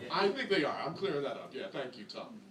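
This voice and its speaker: High, animated stand-up comic from New Jersey. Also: male voice, fast, recorded from a distance. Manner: crude, sarcastic, jumps into mock voices. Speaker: stand-up comedian. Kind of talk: stand-up comedy set. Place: comedy club with a laughing audience. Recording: echoey club recorded from afar, crowd laughter.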